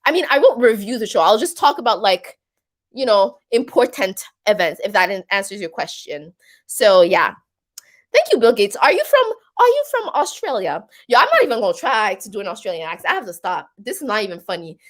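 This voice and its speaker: A woman's voice: medium pitch, big pitch swings, a little fast. A woman with a Québécois French accent hosting a casual live stream, chatty and rambling, with many fillers. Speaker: live stream host reading viewer comments.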